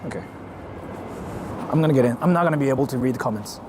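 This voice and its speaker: Filming on a handheld camera, a male IRL streamer talks fast while live-streaming on a city street, his voice medium in pitch over a noisy background. He's excitable and self-mocking, chatting casually and cursing freely.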